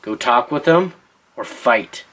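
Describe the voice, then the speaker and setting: Playful dad telling an improvised story. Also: male voice, mid-range voice, lively intonation, slow pace, a bit bright, low-quality recording. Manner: playful, teasing, asks listeners for choices.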